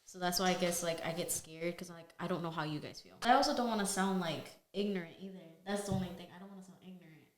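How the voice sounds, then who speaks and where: Halting young woman in an echoey room. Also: lowish voice. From United States. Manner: emotional, halting, heavy use of filler words. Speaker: podcast co-host. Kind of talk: casual chat.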